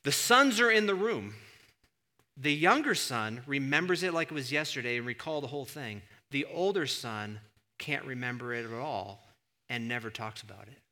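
A male pastor preaching a sermon in a church, an animated storyteller who surges into emphatic, near-shouted points. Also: medium pitch, moderate pace. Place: church sanctuary. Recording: long reverb of a church hall.

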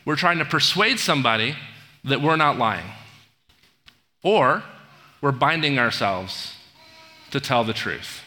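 Guy pastor telling a story to the church, real bright edgy voice, big echoey sanctuary. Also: mid-range voice, animated, a little slow, long pauses. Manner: storytelling, retells film scenes with asides and audience questions. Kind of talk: conversational sermon. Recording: long hall reverb.

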